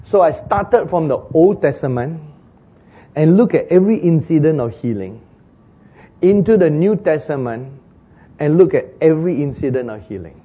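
A man preaching a sermon as a pastor, telling a story and acting out the dialogue with sudden loud shouts. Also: on the high side, animated, normal speed, slightly rough. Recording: tinny phone-like sound.

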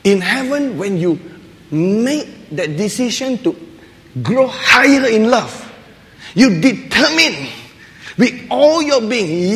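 A man delivers a light-hearted sermon in a notably high voice, laughing often and slipping into little acted voices. His words ring out with the long reverb of a large hall. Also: big pitch swings, takes it slowly, a bit bright. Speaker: preacher. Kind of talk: humorous sermon.

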